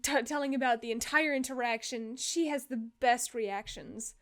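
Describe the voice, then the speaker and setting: A woman narrating as game master of a tabletop game, lively and quick. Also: a little high.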